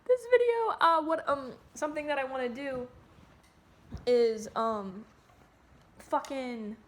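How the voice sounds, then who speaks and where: A woman's voice: sits high, steady tone, slow, a bit bright, slight background noise. Young woman rambling into her phone. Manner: rambling and candid, swears freely, restarts often. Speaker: vlogger. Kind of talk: casual rambling monologue to camera. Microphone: phone camera.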